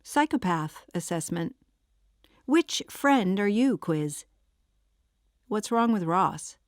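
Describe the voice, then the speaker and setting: A woman's voice: medium pitch, animated, takes it slowly, no echo, studio quality. Wry woman audiobook narrator. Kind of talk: first-person audiobook narration.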